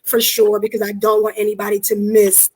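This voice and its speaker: Excited raspy woman guest. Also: medium pitch, a little fast. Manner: excited, faith-filled and emphatic. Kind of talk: live online talk show chat.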